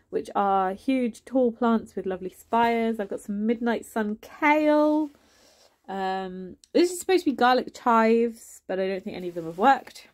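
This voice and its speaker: Woman vlogger, slightly high, stuffy nose, chatty and keen, walking through her garden naming plants. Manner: enthusiastic, chatty, names plants as she walks. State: congested, sniffing from a cold or hay fever. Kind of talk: casual garden tour narration. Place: garden and greenhouse.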